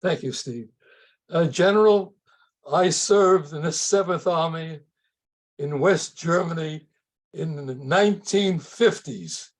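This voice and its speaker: A ninety-year-old man asks his question over a video call. His voice sits fairly high and comes out slowly, with pauses between phrases. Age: 90s. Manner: slow, deliberate, halting. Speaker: senior auditor, student asking a question.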